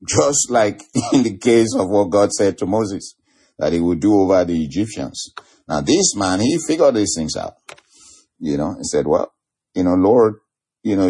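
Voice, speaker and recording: Male preacher, sermon, animated, lively swoops in pitch, husky, lowish voice. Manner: animated, laughing often, drawing out key phrases.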